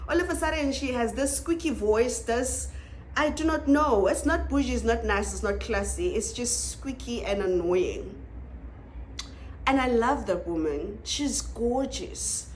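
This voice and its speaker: A South African woman reviewing a reality show in a casual, animated way, laughing and exclaiming often. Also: a little high, a little hiss or hum.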